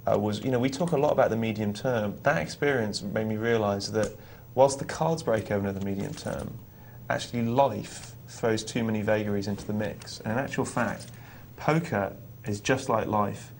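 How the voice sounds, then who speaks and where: Male co-host, lowish voice, thoughtful explainer, faint hiss behind. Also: moderate pace, gravelly, few pauses. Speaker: poker show co-host. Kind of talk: live on-air poker talk.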